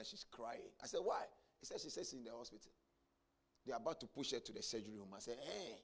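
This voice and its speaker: A man preaching a sermon, telling a story and building to shouted climaxes. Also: on the high side, breathy edge. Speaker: pastor.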